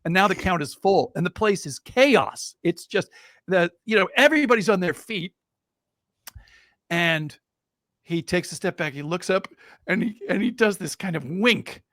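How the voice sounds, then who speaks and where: A middle-aged man, a guest in a casual interview, telling an anecdote in an animated way and building suspense. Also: sits high, moderate pace, dry recording, clean studio sound. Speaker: guest storyteller.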